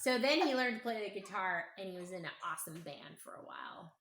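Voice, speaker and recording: A hoarse, strained woman, a mother gently telling family stories to her child at home, unhurried and humming as she thinks. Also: medium pitch, expressive. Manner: gentle, unhurried, thinking aloud with hums and pauses. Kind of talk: casual storytelling to her child. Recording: echoey room with clear background noise.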